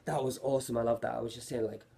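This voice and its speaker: A man's voice: medium pitch, little pitch movement, rapid-fire, creaky, noisy background. A man giving a casual, rambling review of an anime episode, often correcting himself mid-sentence. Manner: rambling, self-correcting, lots of fillers.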